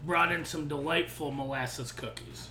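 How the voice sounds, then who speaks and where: Thirties male co-host, slightly high and bright, animated storyteller who swears, echoey room. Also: measured pace, slight background noise. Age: 30s. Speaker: podcast co-host. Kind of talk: casual chat. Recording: roomy echo.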